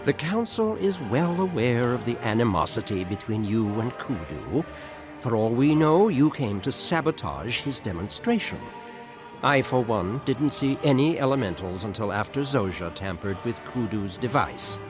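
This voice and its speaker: A man's voice: mid-range voice, very animated, moderate pace, music in the background, natural voice. An actor playing a haughty, bureaucratic male councillor in a video game, pompous and dismissive.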